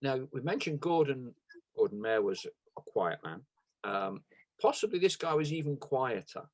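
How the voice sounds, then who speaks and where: A man's voice: medium pitch, very animated, moderate pace. A man hosting a podcast, asking hesitant questions with many fillers. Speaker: podcast host. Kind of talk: casual interview.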